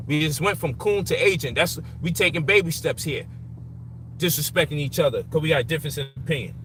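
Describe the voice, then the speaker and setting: A man on a long, frustrated rant, swearing freely and hammering his points. His voice sits high and sounds bright and cutting. A faint hum of noise runs underneath. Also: fast. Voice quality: profane, emphatic, heated. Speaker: commentator.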